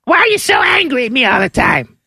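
A man putting on a high, whiny voice to mimic his exasperated wife, who is touchy and defensive. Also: big pitch swings, fast talker, vocal fry, sharp tone, husky, dry recording, studio quality, exaggerated voice.

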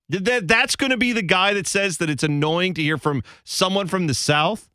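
A man's voice: high voice, moderate pace, hardly any pauses, pushed and bright, smooth, dry recording. A male radio host in casual sports-talk banter, joking and slipping into mock accents, on a studio microphone.

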